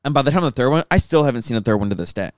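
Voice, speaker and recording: A man's voice: medium pitch, expressive, very fast, no echo, studio quality. A young man chatting casually and joking, telling stories in a loose, riffing way. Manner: joking, storytelling, swears casually. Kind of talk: casual chat.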